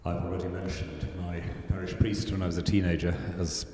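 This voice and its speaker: A man speaking on a panel in a measured, reflective way. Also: low voice, steady tone, warm tone, a little hiss or hum. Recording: hall reverb.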